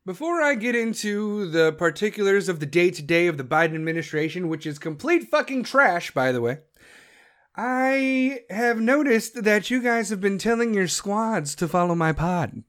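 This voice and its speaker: High-voiced brash ranting podcast man. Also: fairly bright tone. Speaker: podcast host. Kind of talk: casual solo podcast monologue.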